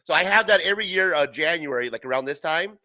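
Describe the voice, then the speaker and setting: A young man hosting a livestream, his voice high and bright, swinging widely in pitch. He rambles through profane stories and laughs often, recorded close and dry. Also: expressive, fast talker, no room sound. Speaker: livestream host. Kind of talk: casual livestream chat.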